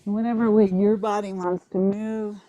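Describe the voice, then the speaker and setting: A woman teaching a yoga class while moving along with it, out of breath, encouraging and relaxed, often repeating "right?" and "maybe you're here.". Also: medium pitch, moderate pace, lo-fi sound. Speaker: yoga instructor. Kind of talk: guided yoga class instruction.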